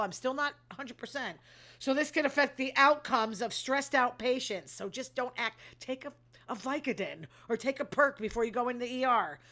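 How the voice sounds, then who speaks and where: A woman with a fairly high voice hosts her own casual news show. She reads out headlines and reacts to them with sarcasm and open complaint, and she sighs between stories. By her own account she is emotional and quick to react. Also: a bit bright. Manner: calls herself emotional.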